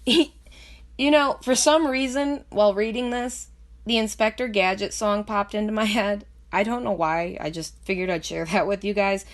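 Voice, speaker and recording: A woman's voice: medium pitch, steady tone, normal speed. A woman with a lisp reading news articles aloud and breaking in with skeptical, sarcastic commentary. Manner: skeptical, sarcastic asides between read passages.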